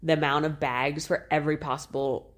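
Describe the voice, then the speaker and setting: Low-voiced woman telling a story animatedly. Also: brisk. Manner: animated, swears freely, laughs while recounting. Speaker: podcast co-host. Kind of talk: casual conversational storytelling.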